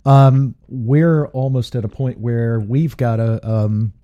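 A man's voice: medium pitch, fairly even intonation, slow pace. A male talk-show host who wraps up the interview with short affirming replies. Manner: brief affirming responses. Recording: muffled lo-fi sound.

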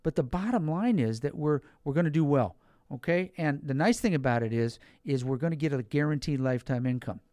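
Folksy man pitching financial products. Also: fairly quick, dark tone, dry recording, clean studio sound. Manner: folksy, repeats points, talks directly to listeners; stresses key words for emphasis. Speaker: financial advisor. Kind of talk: informal sales explanation.

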